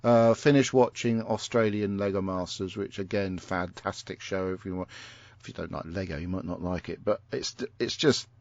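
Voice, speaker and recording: A man's voice: deep voice, fairly even intonation, normal speed, darkish tone. A man chatting casually as a podcast co-host, rambling and opinionated with lots of fillers. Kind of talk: casual chat. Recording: dull, muffled recording.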